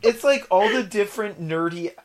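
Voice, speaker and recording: Excitable, enthusiastic man. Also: high-pitched, moderate pace. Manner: excitable, enthusiastic, says "like" a lot. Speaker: podcast co-host. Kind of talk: casual movie chat.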